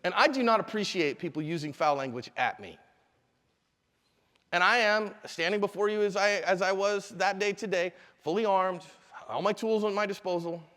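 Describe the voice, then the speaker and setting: Speaking at a moderate pace in a high-sitting voice, a middle-aged man who teaches self-defense delivers a live seminar. He's a lively storyteller who performs the characters' lines himself. The convention-hall setting gives the recording a strong echo.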